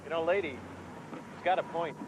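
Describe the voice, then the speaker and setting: A man voicing a bystander who quickly argues and tries to calm a fight. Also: on the high side, very noisy, lightly acted. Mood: placating. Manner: quick, reasoning, placating.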